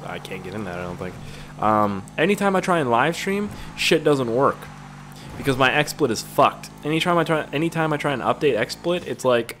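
A young gaming YouTuber speaks at normal speed in an expressive, medium-pitched, slightly bright voice, with a little hiss or hum in the recording. He chats loosely and profanely while playing, jumping from tales to the gameplay.

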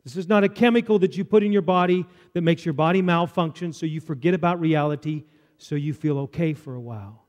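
High-voiced male preacher in a reverberant church. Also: darkish tone. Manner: earnest preaching, slows down to read scripture aloud. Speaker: pastor. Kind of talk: sermon. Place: church sanctuary. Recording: long reverb of a church hall.

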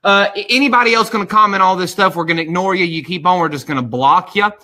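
A man's voice: sits high, fast, pushed and bright. A man hosting a live-streamed religious talk show, rambling and defiant, with many restarts. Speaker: show host.

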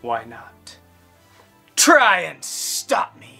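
Gang leader villain, mocking, drawn-out delivery, lively swoops. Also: female voice, lowish voice, vocal fry, over music, heavily acted. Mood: taunting. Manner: taunting, mocking. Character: scheming villain leader of the Bunglers. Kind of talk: teen web series acting.

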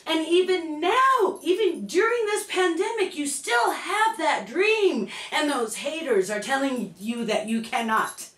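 A woman giving an emphatic, repetitive motivational pep talk, breaking into shouts. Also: high-pitched, animated, takes it slowly, hardly any pauses. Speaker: motivational speaker. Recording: echoey room, distant mic.

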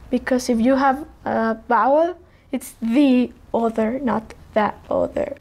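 High-voiced Mexican woman stumbling through twisters. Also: a little mellow. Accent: Mexican Spanish. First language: Spanish. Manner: stumbling, self-correcting, giggly. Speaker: vlogger. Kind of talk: casual tongue-twister attempts.

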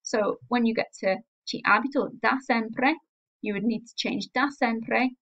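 Woman teacher, patient and explanatory, slightly high pitch, muffled low-fidelity recording. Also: unhurried, a bit bright. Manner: patient, explanatory, often checks in with "okay?". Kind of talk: recorded online language lesson.

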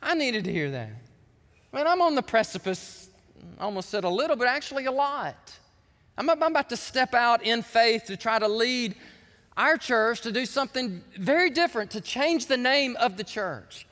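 A pastor preaches in a large sanctuary, his high voice rising and falling with lively energy. He tells his story animatedly and acts out the voices in it. His bright tone carries a long reverb from the hall. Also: moderate pace. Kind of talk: sermon.

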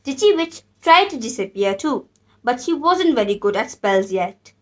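A woman reading a children's storybook aloud, in a gentle, expressive storyteller manner. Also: fairly high pitch, moderate pace.

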